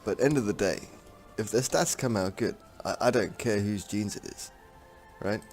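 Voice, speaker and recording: A man's voice: lowish voice, normal speed, darkish tone, soft background music. A man giving casual gameplay commentary on a strategy game, thinking aloud in a rambling, frank way. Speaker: strategy game let's-player.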